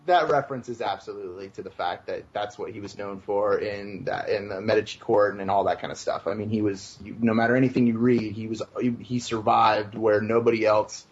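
A man with a lowish voice rambles through his points on a podcast, restarting sentences and throwing in jokes. The audio is dull and lo-fi. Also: brisk, hardly any pauses. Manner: rambling, many restarts, jokey. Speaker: podcast co-host. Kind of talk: casual chat.

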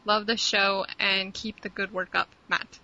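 A woman with a bright, forceful voice chats casually as a podcast co-host, laughing easily and poking fun at herself. She reads listener emails aloud. The sound is dull and lo-fi. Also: mid-range voice, level tone, a little slow. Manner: laughs often, self-deprecating.

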